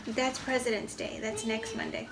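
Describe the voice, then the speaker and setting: A homeschooling mother with a high, light voice, talking gently and warmly praising each small step. She speaks casually to her child and the camera at home. A steady hiss of noise sits clearly under the recording. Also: normal speed. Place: family home.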